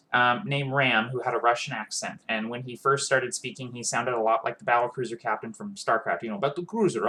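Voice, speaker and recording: A man's voice: medium pitch, fairly bright tone. Earnest man giving role-play tips. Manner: earnest, with frequent fillers and restarts. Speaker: tabletop role-playing video host. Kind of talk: casual advice monologue.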